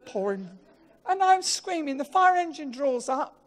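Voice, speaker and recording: A woman giving a funeral eulogy. She tells lively, self-mocking stories and laughs as she talks. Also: high-pitched, a little slow.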